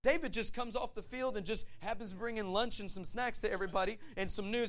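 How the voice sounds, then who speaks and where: High-voiced preacher, animated and lively. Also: male voice, fast talker, few pauses. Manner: animated storytelling with acted voices and laughs; conversational, asks the audience questions. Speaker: pastor. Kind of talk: sermon.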